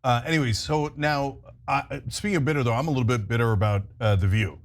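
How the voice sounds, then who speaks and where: A man's voice: medium pitch, fast talker, slight background noise. A man hosting a political talk show, giving heated, sarcastic commentary and mocking others. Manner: sarcastic, mocks others in exaggerated voices.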